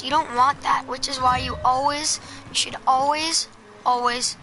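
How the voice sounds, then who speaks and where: A woman's voice: high voice, fairly even intonation, slow pace, long pauses, sharp tone. A woman giving casual gameplay tips over a headset, hesitant and full of ums and restarts. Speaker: gameplay commentator. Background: game music and sound effects.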